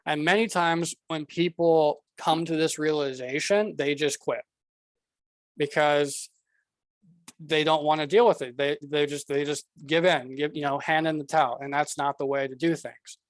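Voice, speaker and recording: A man's voice: fairly high pitch, fairly even intonation, moderate pace, no echo. A man coaching traders in a casual, blunt talk over slides, often repeating himself and addressing the viewer directly. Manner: blunt, repetitive, talks straight to the viewer. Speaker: trading coach.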